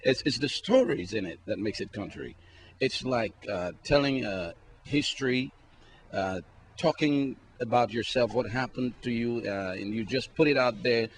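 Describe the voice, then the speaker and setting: A man from Saint Lucia, a country singer, talking in a relaxed, hesitant way with many fillers. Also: medium pitch, moderate pace. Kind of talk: casual interview.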